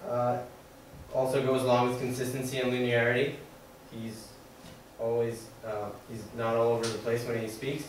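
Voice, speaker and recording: A man's voice: medium pitch, monotone, normal speed. A young man giving a class presentation, hesitant and full of fillers. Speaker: student presenter. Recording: echoey room from far off, faint noise.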